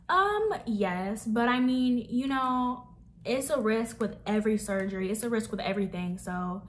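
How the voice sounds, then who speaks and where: A young woman talks straight to her audience in a loose, rambling Q&A vlog. Her voice sits at a middle pitch, and she fills her sentences with easy fillers as she answers question after question. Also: slight background noise. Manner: chatty, rambling, many fillers. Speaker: vlogger. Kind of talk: casual Q&A vlog.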